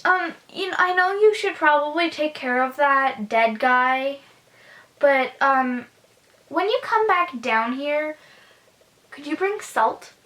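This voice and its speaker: A woman's voice: sits high, animated, slow, bright, forceful tone, exaggerated voice. A woman voicing a flighty woman on an alien planet, in a breezy, sing-song way. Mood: coaxing.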